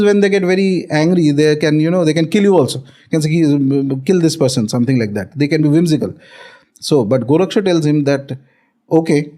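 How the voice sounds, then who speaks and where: A man's voice: a little high, warm tone. A man with an Indian accent, a spiritual teacher explaining and telling a story in a conversation, often checking in with "okay".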